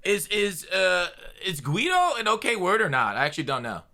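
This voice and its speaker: A man's voice: high-pitched, sing-song, normal speed, bright, forceful tone. A man hosting a casual podcast, talking with many stumbling restarts. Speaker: podcast host.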